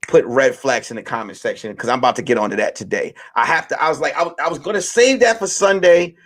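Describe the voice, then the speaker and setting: A man in his late thirties hosting a casual monologue for his listeners, telling stories in a loose, animated way and swearing freely. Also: medium pitch, fast. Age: late 30s. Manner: profane, animated storytelling. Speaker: podcast host.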